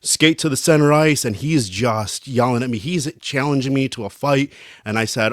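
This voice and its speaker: A man co-hosting a casual podcast, telling a heated hockey story with lively acted-out quotes and rough language. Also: medium pitch, normal speed, no echo, studio quality. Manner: animated, acts out quotes, swears freely. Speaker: podcast co-host.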